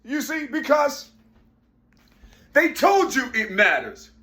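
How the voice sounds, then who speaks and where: A high-pitched man holds forth in a loose, rambling monologue, circling back with "you see" again and again. He swears freely and pushes his voice up hard when he wants to stress a point. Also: sing-song, takes it slowly, bright, forceful tone. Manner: repetitive, keeps saying "you see", profane; emphatic, raises voice at points. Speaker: vlogger.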